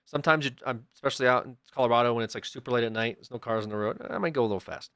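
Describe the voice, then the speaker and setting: A young man streaming and telling a story to his chat in an easygoing, middle-pitched voice. The sound is dry and up close. He keeps bursting into animated impressions of the people he quotes. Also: very fast, no room sound. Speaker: livestreamer.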